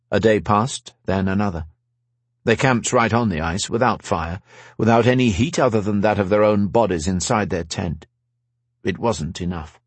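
A man narrating a fantasy audiobook in a measured, even storytelling manner. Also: lowish voice, husky, no room sound. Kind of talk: scripted narration.

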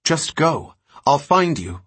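A man voicing a steady young man who soothes others and then gives firm orders. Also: on the high side, slow pace, breathy edge, pitched above the performer's own voice, heavily acted.

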